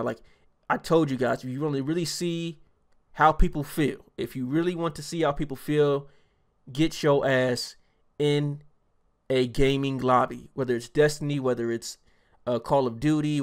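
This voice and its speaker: Chatty laughing man reacting to a clip. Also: mid-range voice. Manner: chatty, loose, laughs often. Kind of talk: casual reaction commentary.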